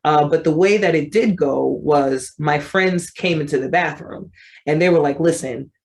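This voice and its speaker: A woman in her thirties telling her personal story as an advocate, conversational and animated, acting out her remembered thoughts. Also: deep voice, moderate pace. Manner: conversational with frequent fillers. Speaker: vitiligo advocate.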